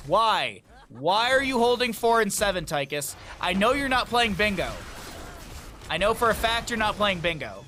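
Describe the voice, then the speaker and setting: A man's voice: high voice, expressive, normal speed, bright, forceful tone, a little hiss or hum. A man casting a video game match play by play, calling the action and slipping in chatty, joking asides. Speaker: esports caster.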